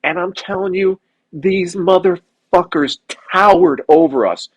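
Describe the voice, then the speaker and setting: A man's voice: high voice, measured pace, slightly rough, poor audio. A young man chatting casually on a podcast, telling profane stories and acting out other people's lines. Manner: profane storyteller, acts out voices of others. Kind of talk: casual chat.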